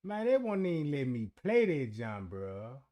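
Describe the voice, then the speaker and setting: A man's voice: mid-range voice, huge pitch swings, unhurried, mellow, dry recording. A man hosting a livestream in loose, casual talk, often frustrated with his setup. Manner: loose, frustrated, addresses chat as bro. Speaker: livestream host.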